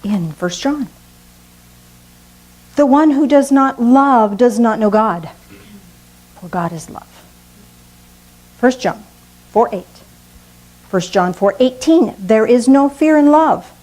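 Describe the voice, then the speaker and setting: Woman pastor, sermon, unhurried delivery, fairly high voice, pausing for effect. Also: lively intonation, a little mellow, low-quality recording. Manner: slow, earnest preaching with dramatic pauses.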